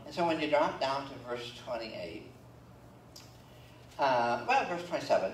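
A pastor preaches in a mid-pitched voice, reading scripture and breaking off into folksy jokes. He is picked up from some distance in a roomy church sanctuary, with a faint hum of the room behind him. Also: very animated, unhurried, long pauses. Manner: folksy, joking asides between scripture readings. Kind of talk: sermon.

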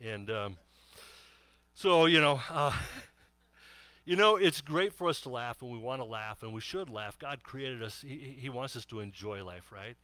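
A man's voice: medium pitch, expressive, measured pace, bright, forceful tone. A middle-aged man preaching a sermon, telling jokes and laughing often in a chatty way. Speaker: pastor.

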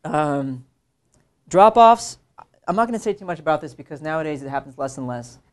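A young adult man, an illustrator, giving a casual classroom talk to students, conversational and animated, slipping into mimicked voices for quoted asides. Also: on the high side, fairly quick.

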